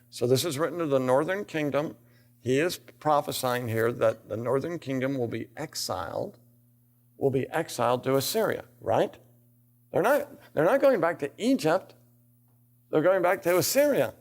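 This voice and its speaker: A man's voice: medium pitch, expressive, normal speed. An older man giving a theology lecture in a classroom, reading scripture aloud and asking rhetorical questions, building to emphatic bursts.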